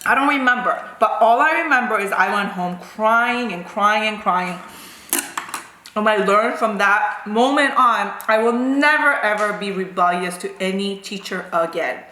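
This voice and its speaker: Brief: bright, chatty woman in her forties, food vlogger telling a story, echoey kitchen. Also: medium pitch, normal speed. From South Korea. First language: Korean. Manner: chatty, animated, full of "like" and "right?". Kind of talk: casual storytelling.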